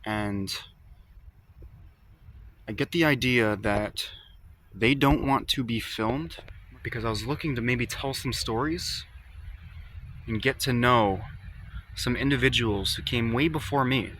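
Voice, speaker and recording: A man hosting a ghost-hunting vlog outdoors in a cemetery, talking into a phone strapped to his arm. He calls out to spirits in a slow, coaxing way and chats casually to his viewers in between. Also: mid-range voice, a little hiss or hum. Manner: calm, slow, coaxing call-outs mixed with casual asides to viewers. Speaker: paranormal vlogger.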